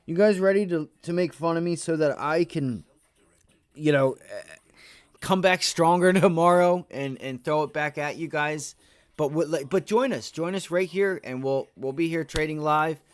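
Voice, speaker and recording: A man's voice: a little high, normal speed, smooth. A tired man hosting a trading livestream, rambling to his chat with many restarts. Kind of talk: casual live-stream talk.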